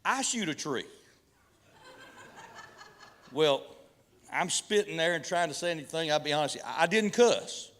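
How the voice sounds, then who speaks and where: Preacher in an echoing hall. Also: male voice, a little high, expressive, unhurried, pauses often, a bit bright. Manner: folksy, repeats and restarts, mixes humor with preaching. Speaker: pastor. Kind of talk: folksy sermon storytelling. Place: church hall event. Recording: long hall reverb from a church PA.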